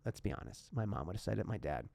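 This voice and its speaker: A man hosts a casual podcast with a gravelly, fry-edged voice. His heartfelt storytelling carries emotion right at the surface. The recording is close and dry. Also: lowish voice, big pitch swings, fast, warm tone, dry recording. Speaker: podcast host.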